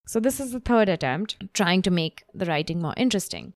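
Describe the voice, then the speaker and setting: A woman's voice: on the low side, expressive, a little fast, few pauses, no echo, studio quality. A woman copy coach teaching writing tips in a spoken lesson, reading example copy aloud with expression. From grew up in Bombay, India. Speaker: copy coach and podcast host.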